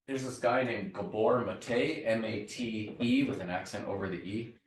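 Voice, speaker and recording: Male university lecturer, lowish voice, explanatory classroom delivery, echoey room, mic at a distance. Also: a bit bright. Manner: explanatory, checks in with the class by asking "right?".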